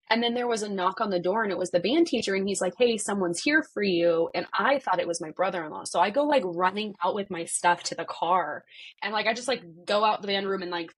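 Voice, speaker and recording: A woman's voice: mid-range voice, a bit bright, husky. A woman in her thirties, a podcast guest, retelling a personal story with many "like" fillers and acted-out dialogue.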